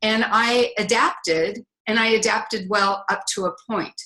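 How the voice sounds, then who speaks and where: A woman's voice: medium pitch, steady tone, unhurried, sharp tone, low-quality recording. A middle-aged woman, a relationship coach, talking as a podcast guest in a reflective way with some fillers. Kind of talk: podcast interview.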